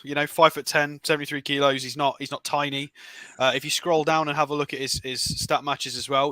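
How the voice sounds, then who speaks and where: A man's voice: mid-range voice, pushed and bright, no room sound. A man co-hosting a casual football show on a video call, talking through player stats and arguing his points. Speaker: podcast co-host.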